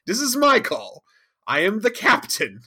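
A man's voice: high-pitched, wildly swooping pitch, a little slow, bright, forceful tone, husky, voice pushed up, full character voice. A man voicing a stern, no-nonsense female starship captain who speaks bluntly. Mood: firm. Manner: blunt, authoritative, profane.

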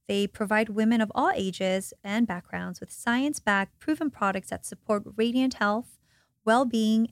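A woman with a mid-pitched voice chats casually on a podcast. She mostly answers her co-host with short, supportive replies, and the sound is dry and close to the mic. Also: dry recording. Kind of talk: casual chat.

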